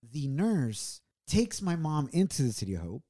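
A man's voice: fairly high pitch, big pitch swings, normal speed, mellow. A middle-aged man co-hosting a podcast, telling a personal story in an earnest, reflective way. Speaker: podcast co-host. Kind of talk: casual, heartfelt storytelling.

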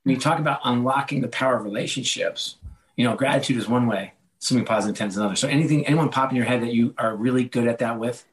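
A man's voice: mid-range voice, racing, poor audio. A middle-aged man, an author, talking in a casual podcast interview, chatty and self-deprecating, acting out what others said to him. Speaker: author and guest.

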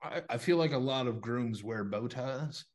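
A man's voice: medium pitch, moderate pace. Laid-back man on a podcast. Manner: laid-back, lots of "like" fillers. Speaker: podcast co-host. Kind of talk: casual podcast banter.

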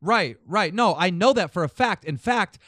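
Male podcast host, higher-pitched, dry close mic, profane and animated. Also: moderate pace, no echo. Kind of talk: casual podcast chat.

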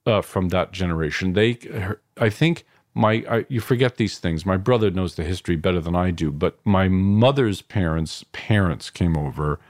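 A man's voice: low voice, normal speed, hardly any pauses, no room sound, studio quality. A middle-aged man from New York, a filmmaker reflecting at length in an interview, digressive with frequent restarts and asides. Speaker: filmmaker guest.

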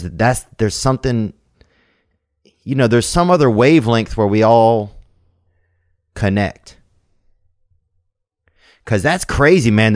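A man's voice: on the low side, darkish tone, no echo, clean studio sound. A man hosting a podcast in casual chat, rambling and profane, scattering "man" and "bro" through his talk. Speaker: podcast host.

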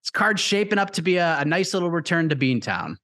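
A man's voice: on the high side, sing-song, brisk, pushed and bright. A man hosting a casual interview, talking in a chatty, enthusiastic way. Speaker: interview host.

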